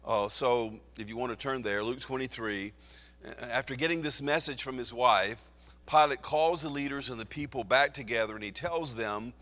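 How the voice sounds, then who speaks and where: A man's voice: medium pitch, bright, forceful tone, long reverb tail. A man teaching through a Bible passage, reading scripture aloud with rising emphasis. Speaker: preacher.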